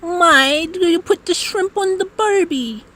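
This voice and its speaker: A man putting on a high woman's voice with a fake Australian twang to prank a voice assistant, drawn out and repeating the name. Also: pushed and bright, exaggerated voice. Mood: teasing. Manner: slow, drawn-out, keeps saying the name.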